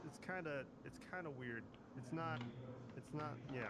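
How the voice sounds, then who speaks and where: Loud excitable man, higher voice. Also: moderate pace, very noisy. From Kansas, USA. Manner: loud, excitable, swearing, many restarts. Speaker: role-play streamer. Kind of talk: casual in-game role-play chat.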